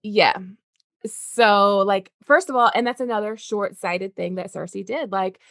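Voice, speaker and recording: A woman co-hosting a podcast, moving between casual banter and reading book passages aloud. Her pitch sits in the middle for a woman. Her reading voice is low and even, and her chat is loose, with frequent swearing. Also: measured pace, gravelly, dry recording, studio quality. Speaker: podcast co-host.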